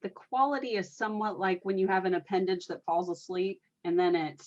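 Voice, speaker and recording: A woman's voice: medium pitch, steady tone, a little fast, highs cut off. A woman telling a story in casual conversation, rambling and filling her speech with "you know" and "like.". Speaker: energy worker and guest.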